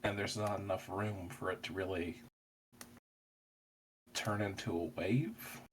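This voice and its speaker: A man playing his character in a tabletop game, speaking haltingly and trailing off mid-thought. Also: low voice, fairly even intonation, slight background noise. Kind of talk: in-character roleplay.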